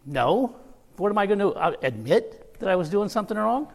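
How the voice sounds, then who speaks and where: A pastor in a church sanctuary preaches with a high, sing-song voice at a quick pace, the long reverb of the hall around him. He tells a personal story, laughing through anecdotes and adding easy asides.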